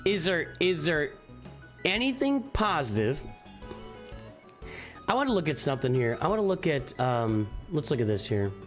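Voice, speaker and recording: A man's voice: a little high, big pitch swings, moderate pace, pauses often, soft background music. A middle-aged man hosting a casual morning live stream, rambling and often restarting his sentences as he thinks aloud. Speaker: streamer and channel host.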